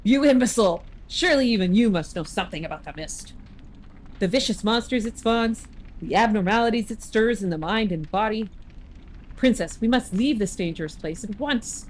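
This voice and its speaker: A woman's voice: medium pitch, animated, moderate pace, a little hiss or hum, close to an everyday voice, low-quality recording. A woman voicing a stern, pompous old male knight as she reads game dialogue aloud in an indignant, scolding manner.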